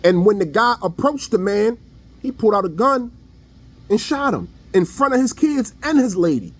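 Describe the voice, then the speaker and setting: A man's voice: sits high, lively intonation, normal speed. A man giving a blunt, preachy opinion monologue online in casual slang. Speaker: online commentator.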